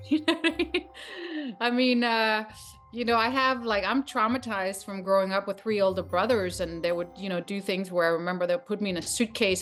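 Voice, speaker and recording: A woman chatting in a casual interview, rambling and laughing through a story. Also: medium pitch. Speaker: actress in interview.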